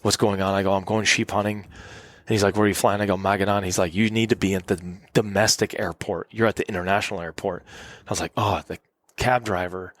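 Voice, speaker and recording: A middle-aged man with a fairly low voice tells a rambling story as a podcast guest. He talks casually and acts out the people in his tale, and the sound is close and dry with little room echo. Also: fairly even intonation, brisk. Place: cabin.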